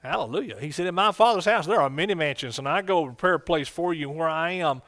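Male pastor, fiery sermon, higher voice, exuberant outbursts. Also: fast talker. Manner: exuberant, bursts of shouted exclamations.

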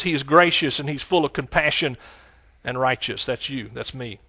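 With a husky, medium-pitched voice and a normal speaking speed, a middle-aged Texan preacher exclaims hallelujah and swings between loud outbursts and hushed asides.

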